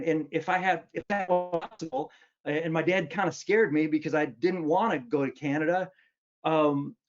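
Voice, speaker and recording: A man's voice: a little high, highs cut off. A man in his fifties from Wisconsin, an author giving a humorous storytelling speech in a self-mocking way, full of ums and restarts. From Wisconsin, United States. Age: 50s. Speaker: author giving a luncheon talk.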